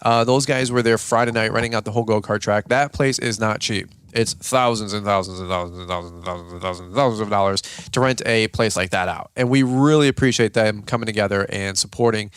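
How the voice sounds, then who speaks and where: A man's voice: fairly low pitch, quick pace, fairly bright tone, clean tone, dry recording, clean studio sound. A tired man co-hosting a casual podcast, rambling energetically with lots of fillers and restarts. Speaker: podcast co-host, lawn care business owner.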